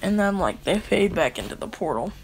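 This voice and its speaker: A man's voice: high voice, big pitch swings, a little fast, a little hiss or hum. A man rambling through an improvised fan story in casual slang, packing his sentences with filler words and joking asides.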